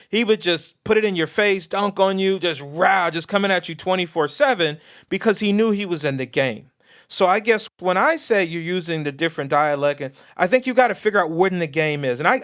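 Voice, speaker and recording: Animated man telling stories on a podcast. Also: high-pitched. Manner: animated storyteller, slips into patois phrasing. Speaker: podcast co-host, designer. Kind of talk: casual podcast chat.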